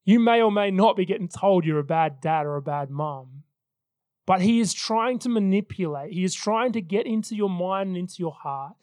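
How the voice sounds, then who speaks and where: A man's voice: high-pitched, normal speed, a little mellow, no echo, clean studio sound. A man in his thirties preaching a sermon as pastor, telling personal stories in an earnest way. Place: church service.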